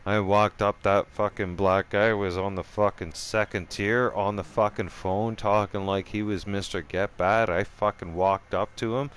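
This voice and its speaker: A man's voice: lowish voice, measured pace, few pauses, a little hiss or hum. A man telling a profane personal story in casual style, acting out the voices as he goes. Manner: profane, animated, acts out every voice himself.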